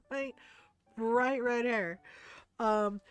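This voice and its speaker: A woman's voice: on the high side, smooth, no room sound. A woman streamer telling a story while gaming, swearing freely, laughing often and heatedly quoting herself. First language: Tagalog.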